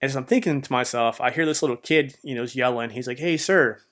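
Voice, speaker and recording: Speaking quickly with fairly even intonation, this man hosts a podcast and shares his faith testimony. His mid-range voice has a fairly bright tone. An adult who has been through a marriage, he rambles warmly and leans on "man" and "you know."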